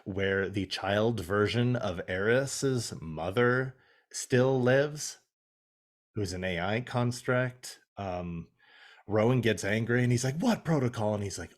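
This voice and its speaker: A man's voice: lowish voice, slow pace. A young man co-hosting a podcast, recapping a TV episode in casual chat, swearing and acting out the characters' lines. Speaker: podcast co-host.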